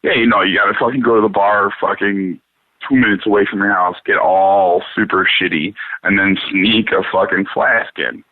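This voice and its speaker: A man hosting a talk show in loose, profane casual chat, rambling and animated. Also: on the low side, normal speed, no room sound. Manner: rambling, swears a lot, animated. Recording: dry, phone-like radio sound.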